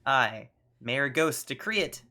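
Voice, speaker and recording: A man's voice: medium pitch, animated, slow, pushed and bright, exaggerated voice. A man reading aloud as a pompous ghostly male town mayor in a grand, proclaiming way.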